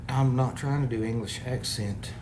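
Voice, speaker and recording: In an echoey, noisy room, a man who makes parody videos reads out comments and vents to camera in a rambling, exasperated way. He speaks at normal speed in a mid-range voice.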